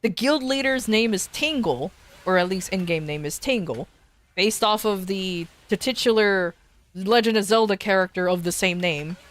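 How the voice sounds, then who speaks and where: A woman's voice: mid-range voice, moderate pace. A woman streamer telling a rambling story in a casual chat, swearing and restarting often.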